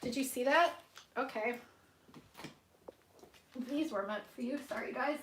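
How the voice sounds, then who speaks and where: A woman giving a live spiritual tarot reading to her viewers, soft-spoken and gushing, with many fillers and easily moved to emotion. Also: fairly high pitch, unhurried, long pauses, a little hiss or hum. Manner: emotional, tearful at moments. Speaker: tarot reader hosting a livestream.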